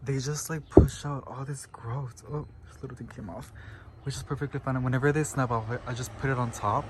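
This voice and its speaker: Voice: medium pitch, steady tone, a little fast, heavy background noise. A houseplant channel host giving a casual tour of their living room plants, gushing with frequent exclamations, filmed at home on a handheld camera.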